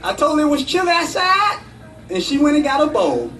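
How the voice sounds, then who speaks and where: A man voicing a calm, folksy male dog catcher with a drawling, reassuring way of talking. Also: very high voice, brisk, voice pushed up, heavily acted. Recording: echoey room, from far off.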